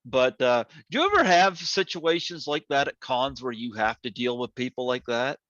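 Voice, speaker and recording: A man's voice: mid-range voice, lively intonation, normal speed, fairly bright tone, no room sound. Male podcast host, hesitant and agreeable, dry and slightly dull lo-fi sound. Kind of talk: casual interview. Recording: dull lo-fi line.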